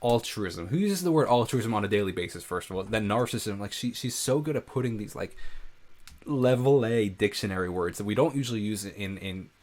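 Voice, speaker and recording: A man's voice: lowish voice, lively intonation, fairly quick, a little mellow. A young man who is a musician, giving casual reaction commentary on a song and breaking down its production, with many "like" fillers. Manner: analytical, with frequent "like" fillers.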